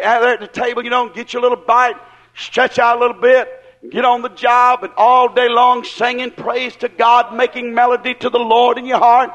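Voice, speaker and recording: A man preaching a sermon in a fervent, folksy way, firing rhetorical questions at the congregation and rising into shouts. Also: very high-pitched. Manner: acts out quoted people in voices.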